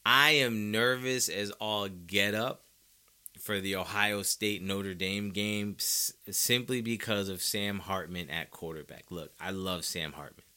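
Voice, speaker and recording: A man's voice: fairly low pitch, unhurried, pushed and bright, clear, resonant tone. A man hosting a sports podcast, giving emphatic, opinionated commentary straight to his listeners.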